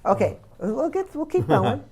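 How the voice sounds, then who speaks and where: A woman's voice: high voice, big pitch swings, moderate pace, darkish tone. A woman guest on a radio talk show, quizzing the hosts on movie quotes and exclaiming as she laughs along. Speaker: guest, playwright and comedian. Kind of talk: casual radio chat, running a movie quiz.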